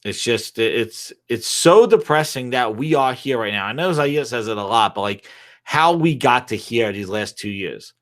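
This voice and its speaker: A man's voice: medium pitch, normal speed. A man hosting a gaming podcast in a casual solo rant, rambling and swearing freely. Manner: profane, rambling, animated. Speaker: podcast host.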